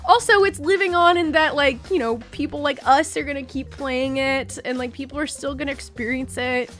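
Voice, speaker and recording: A woman's voice: high-pitched, fairly even intonation, fairly quick, fairly bright tone, faint music behind. A woman co-hosting a game playthrough, rambling and gushing in casual chat with the odd swear word. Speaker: co-host of a gaming channel. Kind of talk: casual let's play chat.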